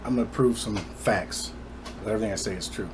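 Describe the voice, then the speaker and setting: A man's voice: fairly low pitch, fairly quick, noisy background. A man telling his personal story to the camera in an emphatic, indignant way.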